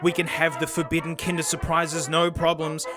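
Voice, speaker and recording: A man from South Australia with an Australian accent, hosting a comedic video monologue in an excitable, slangy way and constantly saying "mate". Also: a little high, moderate pace. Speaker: tech reviewer and host. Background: background music.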